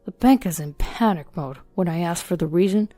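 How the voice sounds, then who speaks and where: A woman's voice: on the low side, normal speed, mellow, faint music behind, close to an everyday voice. A woman voicing a flustered middle-aged father who hurriedly explains trouble at his bank.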